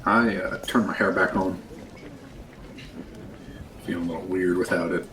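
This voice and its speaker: A man's voice: low-pitched, steady tone, moderate pace, a bit bright, far from the mic, low-quality recording. A man playing a tabletop game as a player, jokey and playful. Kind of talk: tabletop role-play.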